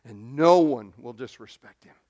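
A man's voice: mid-range voice, expressive, normal speed, darkish tone, lo-fi sound. A man preaching a sermon as pastor, emphatic, often repeating words as he stresses a point.

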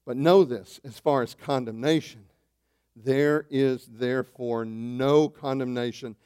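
A man preaching a sermon as pastor, animated, swinging between loud bursts and hushed asides, calling his listeners saints. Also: mid-range voice, unhurried, clear, resonant tone. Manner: addresses listeners as saints, asks questions.

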